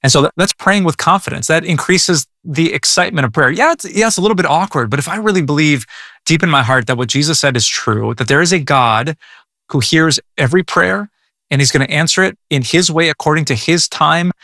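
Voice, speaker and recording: A man's voice: on the high side, lively intonation, brisk, bright, forceful tone, no echo, studio quality. A male pastor teaching about prayer in an earnest, conversational way, often stammering and repeating words. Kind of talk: devotional teaching.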